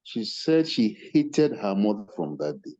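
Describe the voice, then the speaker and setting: An older man speaks in a lowish voice with a mellow, dark tone, giving earnest, measured remarks as a webinar convener. His voice comes through muffled video-call audio with a dull, lo-fi edge. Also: big pitch swings. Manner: earnest, measured, thanks attendees by name.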